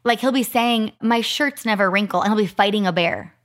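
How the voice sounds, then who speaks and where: A podcast co-host in her thirties from Arizona, US, talks in a chatty, casual way at a slightly fast pace. Her voice sits at an ordinary middle pitch, and she leans on "like" while keeping a story rolling with animated retellings.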